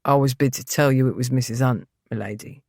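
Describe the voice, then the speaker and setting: A woman's voice: a bass voice, steady tone, a little fast, a little mellow, dry recording, clean studio sound, pitched below the performer's own voice. A woman voicing a surly, hostile young male servant who mutters sullenly.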